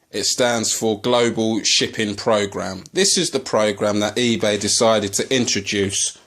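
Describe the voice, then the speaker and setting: A man from the UK filming a casual unboxing video as a collector vlogger. He speaks haltingly and turns to angry ranting, full of swearing. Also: fairly low pitch, fairly bright tone.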